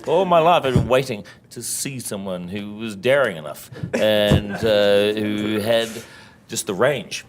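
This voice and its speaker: A man in his forties with a New Zealand accent, joking through a film interview in a deadpan, sarcastic way with sudden loud outbursts. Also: lowish voice, unhurried, slight background noise. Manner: deadpan sarcastic wit with sudden shouted bits. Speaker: film director being interviewed.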